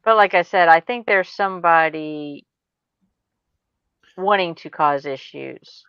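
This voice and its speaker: Low, smooth-voiced woman streamer. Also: slow, no echo, muffled recording. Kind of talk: casual group chat on a livestream.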